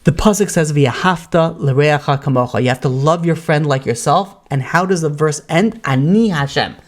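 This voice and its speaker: A man's voice: fairly high pitch, normal speed. A rabbi telling a story in a Torah class. He talks casually with many fillers and acts out the voices he quotes.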